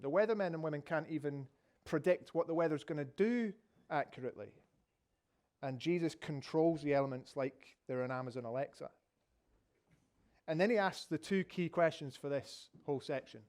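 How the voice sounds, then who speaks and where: A man's voice: fairly high pitch, moderate pace, darkish tone. A middle-aged Scottish man preaching a sermon, telling the story vividly and asking rhetorical questions. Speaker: pastor.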